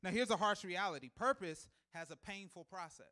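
Live before a church sanctuary congregation, a high-voiced man preaches briskly, hammering home key lines by repeating them. Between points he chuckles, and his delivery climbs into loud, emphatic shouting.

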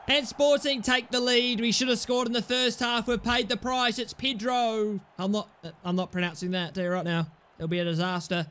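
A man giving excitable live commentary over his own football video game, muttering calls to teammates and then yelling at misses, with cheeky, sweary banter. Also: high-pitched, slight background noise. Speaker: gaming YouTuber.

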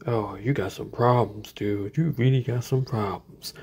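Casting: male performer as a menacing bully cat, slow and gravelly. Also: lowish voice, background noise. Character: gruff bullying cat picking a fight. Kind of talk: comic voiceover of cat videos.

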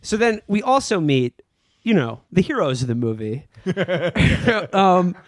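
A man's voice: sits high, very animated, slow, dry recording. Chatty man reviewing a movie. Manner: rambling storytelling with frequent fillers and mock voices. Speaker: podcast co-host. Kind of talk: casual comedic movie review chat.

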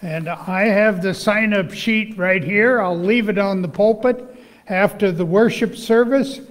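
Slow-speaking pastor losing his voice. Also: high voice, in a large hall. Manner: slow, measured, pausing with fillers. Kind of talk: church announcements and scripture reading. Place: church sanctuary.

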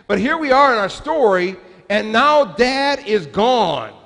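A man's voice: very high-pitched, sing-song, unhurried, vocal fry, a bit bright, in a large hall. A man in his forties, a pastor giving a sermon in a chatty, humorous storytelling manner, recorded in a church sanctuary.

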